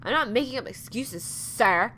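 A woman's voice: fairly high pitch, animated, moderate pace, pushed and bright, a little hiss or hum. A woman voicing a hungry, timid young girl who pleads politely. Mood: pleading.

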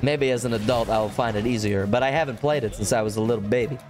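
A young man streaming a game, chatting casually and rambling with excitement, swearing and breaking into high whoops. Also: fast, soft background music. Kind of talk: casual gameplay commentary.

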